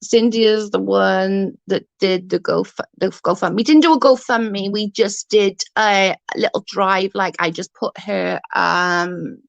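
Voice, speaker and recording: A woman's voice: medium pitch, unhurried, creaky, hardly any pauses, dry recording, dull audio. A woman ranting to her livestream viewers, indignant and swearing, speaking straight to her chat.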